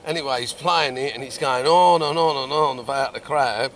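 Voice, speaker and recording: A middle-aged man, a carp angler, telling a fishing story outdoors by a lake in a lively, animated way with loud bursts. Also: medium pitch, moderate pace, a little hiss or hum. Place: outdoors at a lakeside swim.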